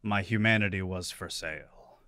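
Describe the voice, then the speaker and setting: A man voicing a weary, regretful young repo man in a low, murmured tone, reading game dialogue aloud. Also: normal speed, sharp tone. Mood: somber.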